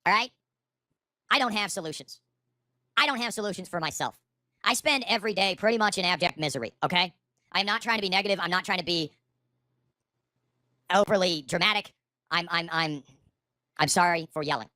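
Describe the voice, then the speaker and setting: A middle-aged man vents on a livestream from his home, cursing and bitter. His voice is tense and forceful, and his despair is plain. His streaming microphone keeps the sound close. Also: sits high, a little fast, long pauses, dry recording. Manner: bitter, profane, despairing ranting. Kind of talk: livestream rant. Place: at home, seated. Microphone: streaming microphone with auto gain.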